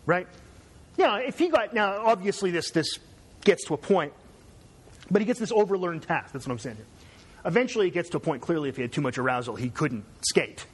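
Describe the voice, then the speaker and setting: A man's voice: high voice, lively intonation, fairly quick, breathy edge. Chatty Canadian man lecturing. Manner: conversational, digressive, frequent "right?" checks. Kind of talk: university lecture.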